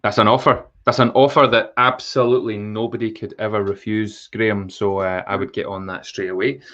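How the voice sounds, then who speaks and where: A man hosting a podcast, chatty and quick to laugh in casual banter. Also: fairly low pitch, level tone, fairly bright tone. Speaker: podcast host. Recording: slightly dull, lo-fi sound.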